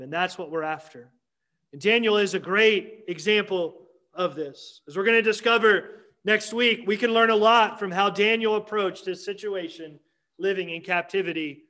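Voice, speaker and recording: A man preaching a Sunday morning sermon as pastor, emphatic with dramatic pauses and repetition. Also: high-pitched, a bit bright.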